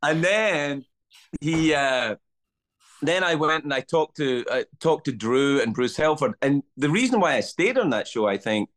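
A man's voice: on the high side, unhurried. A middle-aged Scottish man, a comedian, telling stories in casual podcast chat and acting out voices as he goes. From Scotland. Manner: animated, swearing storyteller acting out voices. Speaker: guest comedian.

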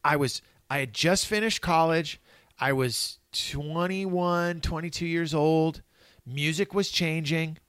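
A middle-aged man from Northern California spins animated stories as a podcast guest, peppered with swearing and acted-out dialogue. His voice sits a little high and is recorded dry and close. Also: slow pace, smooth, dry recording. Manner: animated, profane, acts out quoted dialogue. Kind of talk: casual storytelling conversation.

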